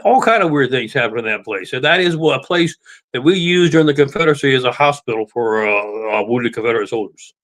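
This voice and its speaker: A man chatting as a guest on a talk show, telling a story in a relaxed way. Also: medium pitch, fast. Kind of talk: remote interview chat.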